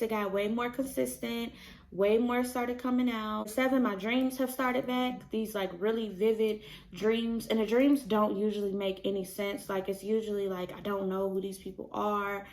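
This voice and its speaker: A young pregnant woman vlogs in casual chat, telling stories packed with "like" fillers and laughter. Her voice is mid-range with vocal fry.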